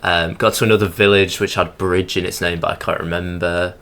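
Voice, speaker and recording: A man's voice: deep voice, little pitch movement, brisk, a bit bright. A young man narrating his hike in a rambling, sardonic, sweary voice-over. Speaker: hiking vlogger.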